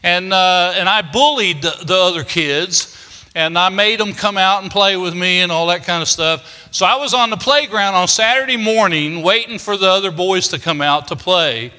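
A man's voice: high-pitched, normal speed, pushed and bright. An older man, preaching a storytelling sermon in a folksy, homespun way, with many "uh" fillers. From Kentucky, United States. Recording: long reverb of a large hall.

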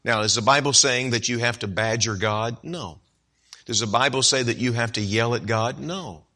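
Guy pastor preaching, bright punchy voice, acts out the characters in his story. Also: medium pitch, normal speed. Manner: animated storytelling, acting out characters with voice swings. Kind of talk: sermon.

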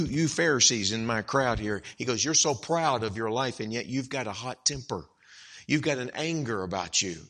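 A man preaching an evangelical sermon, swinging from hushed, slow lines to loud, emphatic outbursts. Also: a little high.

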